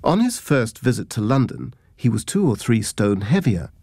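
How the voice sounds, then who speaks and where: A man narrating humorous memoir anecdotes from a script. His telling is wry and dry, with a self-mocking edge. His voice sits at an everyday middle pitch, and it is recorded close and dry with no room sound. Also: very animated, moderate pace, vocal fry, mellow, breathy edge, no echo.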